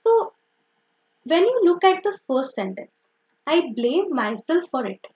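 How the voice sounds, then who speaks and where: A young woman teaches grammar unhurriedly in a high-pitched voice with big pitch swings. Working step by step, she repeats herself, self-corrects, and uses "okay" and "so" frequently, captured on a dull lo-fi recording.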